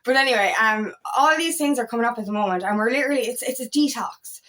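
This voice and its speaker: A young woman talks to her viewers as a spiritual coach in a loose, rambling manner, circling back and repeating herself. She sounds tired and emotional. Her voice sits a little high. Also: fast, a bit bright. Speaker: feminine empowerment coach. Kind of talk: casual spiritual talk to camera.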